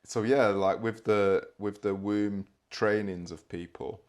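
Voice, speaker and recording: A man hosting a podcast, relaxed and jokey, asking questions and backing up his guest. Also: on the low side, slow. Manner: relaxed, jokey, frequent backchannel. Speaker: podcast host. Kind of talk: casual interview.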